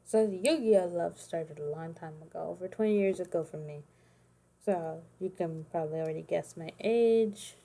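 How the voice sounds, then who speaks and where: A woman's voice: fairly low pitch, normal speed, creaky, mellow. A woman in her thirties chatting casually on a livestream, rambling and correcting herself, sounding tired. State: tired, yawning. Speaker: streamer making custom cards.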